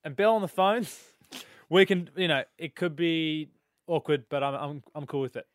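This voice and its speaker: A man's voice: fairly high pitch, moderate pace, no echo. An Australian man co-hosting an evening radio show in a studio, joking and teasing in playful banter. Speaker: radio co-host. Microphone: studio microphone.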